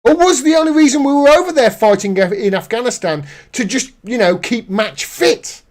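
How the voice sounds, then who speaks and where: A man's voice: very high voice, animated, normal speed. A man hosting a live political commentary stream, reading news aloud and reacting with indignant sarcasm.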